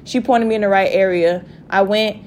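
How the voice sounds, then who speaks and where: A young woman telling a story to her viewers in a casual rant, profane and animated. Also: medium pitch, moderate pace, a little hiss or hum. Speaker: vlogger.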